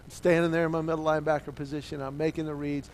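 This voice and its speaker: A middle-aged male preacher with a fairly high voice tells a story in sermon style. He drops to a hush and then rises to near shouting as he acts out the dialogue. A faint hum sits behind him. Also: flat delivery, racing. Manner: swings from hushed to loud, acting out dialogue.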